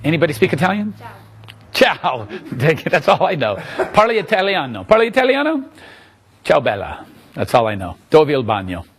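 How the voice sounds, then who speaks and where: A man teaching magic to a live audience in a room, answering questions in a joking, animated, self-mocking way. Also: medium pitch, moderate pace, slight background noise.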